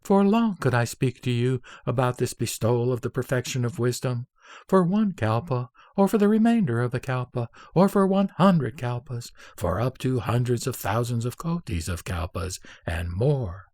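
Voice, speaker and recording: A man reading an old Buddhist scripture aloud in a measured, solemn recitation, pacing out long lists phrase by phrase. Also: mid-range voice, expressive, a little mellow, dry recording, studio quality.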